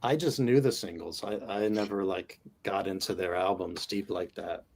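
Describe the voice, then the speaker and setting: A man co-hosting a podcast in casual chat, excitable and animated. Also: low voice, normal speed. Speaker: podcast co-host.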